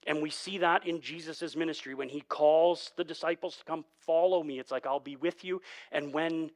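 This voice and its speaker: A pastor delivers his sermon in a loose, conversational way, slipping into the voices of the people he quotes. His voice sits a little higher than most men's. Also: steady tone, moderate pace. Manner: conversational, acts out quoted dialogue. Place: church sanctuary.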